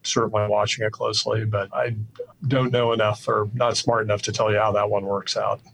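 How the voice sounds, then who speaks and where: An older man from the Midwest, a real estate executive answering podcast interview questions in a measured, plainspoken way with frequent fillers. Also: fairly low pitch, little pitch movement, creaky, a bit bright, low-quality recording. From Midwest US, Iowa.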